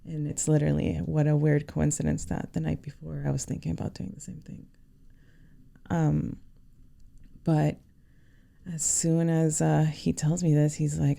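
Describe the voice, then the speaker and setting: A woman speaks as a podcast guest in a low, heavily gravelly voice. She tells a personal story sincerely, pausing often and leaning on "you know". The tone is dark and mellow. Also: little pitch movement. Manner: sincere, halting, many "you know" fillers.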